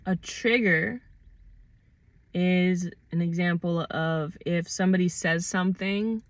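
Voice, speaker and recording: A woman's voice: fairly low pitch, slow pace, no echo. Woman musing aloud, dry close sound. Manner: thoughtful, conversational, swears freely, acts out quoted arguments. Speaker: channel host. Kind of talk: casual reflective monologue.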